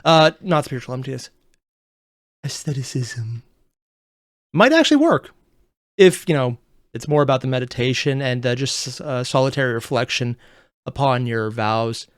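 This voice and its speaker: A young man hosting a reaction video, chatting casually and rambling with unsure asides in quick bursts. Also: medium pitch, lively intonation, dry recording, studio quality.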